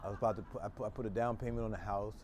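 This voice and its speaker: Loud joking older man on the street. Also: on the low side, fairly even intonation, racing. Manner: loud, joking, rambling storyteller. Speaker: local street personality. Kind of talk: casual chat while walking the street. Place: city street outdoors. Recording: outdoor street noise, traffic.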